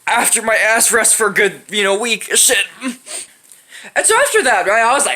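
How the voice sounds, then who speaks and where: Animated, bright-voiced young woman telling stories. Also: mid-range voice, normal speed. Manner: animated, profane, laughing often. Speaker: storytime channel host. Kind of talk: casual storytelling.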